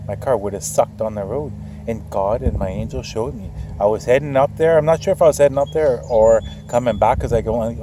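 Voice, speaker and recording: A man's voice: on the low side, mellow, slight background noise. A middle-aged man telling a personal story to his viewers in a casual, rambling, earnest way. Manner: rambling, repeats himself, earnest. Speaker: channel host.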